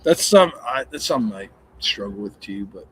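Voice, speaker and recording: A man in casual chat at home, talking things through in a relaxed, matter-of-fact way with the odd curse. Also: on the low side, normal speed, a little hiss or hum, rough recording.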